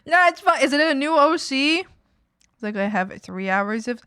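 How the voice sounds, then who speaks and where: A woman's voice: sits high, normal speed, pushed and bright, clear, resonant tone, dry recording, studio quality. A Canadian woman streamer chatting casually while she draws, laughing often and swearing casually, with some playful scolding.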